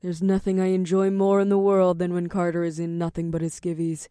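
A man voicing a sultry, teasing female witch who purrs her lines slowly. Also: high voice, monotone, mellow, smooth, no echo, clean studio sound, pitched above the performer's own voice, natural voice. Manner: slow, purring, flirtatious.

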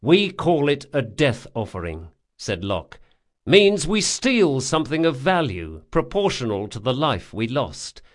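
A man's voice: mid-range voice, big pitch swings, a little slow. A man doing a brash, foul-mouthed thief. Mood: grim. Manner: swearing, urgent and emphatic. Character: brash male thief, profane and quick-tempered.

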